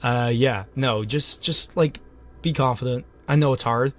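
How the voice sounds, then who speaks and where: A man's voice: medium pitch, a little slow. A young man co-hosting a podcast in casual chat, joking and swearing as he hands out blunt advice. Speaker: podcast co-host.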